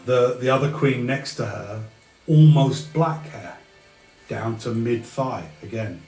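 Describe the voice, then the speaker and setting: A man narrating a tabletop game as game master, slow and descriptive, sometimes stopping to find a word. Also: mid-range voice, warm tone, reverberant, faint music behind, low-quality recording.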